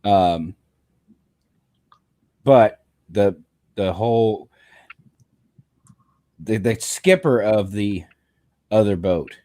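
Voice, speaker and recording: A man's voice: lowish voice, lively intonation, very slow, long pauses, dark tone. A man as a guest on a casual movie review chat, hesitant with many ums and false starts.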